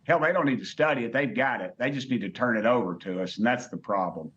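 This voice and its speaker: A man's voice: mid-range voice, fast, a bit bright, highs cut off. A man, a congressman speaking as a guest in a TV interview, blunt and folksy, repeating words as he goes. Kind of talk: live TV interview.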